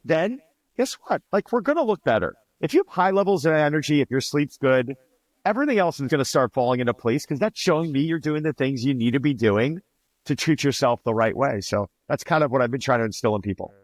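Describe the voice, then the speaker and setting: Animated storytelling fitness trainer, man. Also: medium pitch, fairly quick, no echo. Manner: animated, acts out quoted dialogue. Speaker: celebrity fitness trainer, podcast guest. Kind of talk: storytelling in a casual interview.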